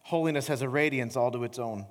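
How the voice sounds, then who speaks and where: A middle-aged pastor delivers a sermon in a church sanctuary, telling stories with animated energy, his voice climbing high in the anecdotes before slowing and softening into earnest appeals. A long church reverb fills the recording.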